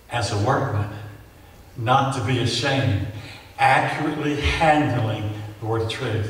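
A man's voice: mid-range voice, a bit bright, a little hiss or hum. A man preaching a sermon in a church, pressing his points with rhetorical questions and drawing call-and-response from the congregation. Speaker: pastor. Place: church sanctuary. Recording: echoey church hall, mic at a distance.

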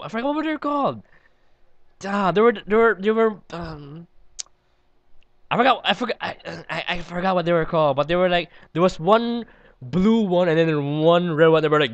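Smooth-voiced giggly gaming man. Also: a little high, lively intonation, normal speed, long pauses, fairly bright tone, no echo, muffled recording. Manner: giggly, rambling, talks to himself. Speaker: let's play host. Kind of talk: casual gameplay commentary.

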